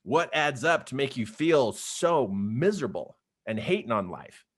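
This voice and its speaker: Animated middle-aged man teaching kids. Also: mid-range voice, unhurried. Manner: animated, playful, talks straight to young viewers. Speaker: youth trainer. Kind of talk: live online training for kids.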